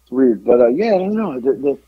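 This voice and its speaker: A man's voice: medium pitch, sing-song, brisk, husky, no room sound, narrow, tinny audio. A man co-hosting a podcast, telling a story in a rambling, casual way full of "like" and swearing. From south side of Atlanta. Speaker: podcast co-host.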